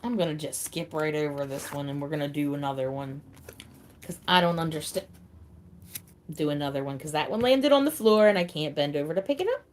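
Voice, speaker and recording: A woman hosting a casual live stream, chatting with viewers by name and thinking out loud. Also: low voice, fairly quick, slight background noise. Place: seated at home in a wheelchair.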